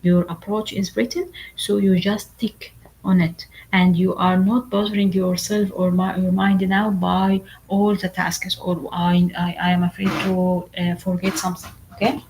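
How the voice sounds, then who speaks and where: A woman whose first language is Arabic, lecturing medical exam candidates in a halting, repetitive way, full of fillers and asking "okay?" often. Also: lowish voice, little pitch movement, background noise. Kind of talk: online lecture.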